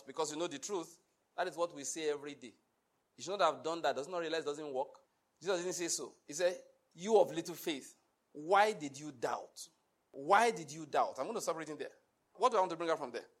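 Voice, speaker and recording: A man preaching a sermon, emphatic and full of rhetorical questions to the congregation. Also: high voice. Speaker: pastor.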